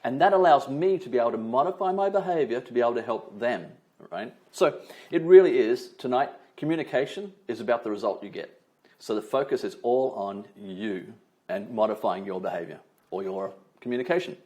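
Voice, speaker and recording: A man trainer giving a lively online webinar, leaning on emphasis and tag questions like "right?", speaking over a video call. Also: mid-range voice, brisk.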